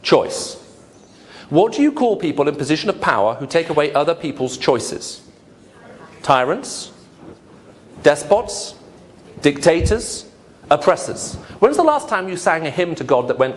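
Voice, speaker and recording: A man's voice: on the high side, big pitch swings, normal speed, long pauses, a little hiss or hum. A man giving a humorous lecture to an audience, asking rhetorical questions. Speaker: lecturer on apologetics. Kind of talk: lively lecture to a live audience.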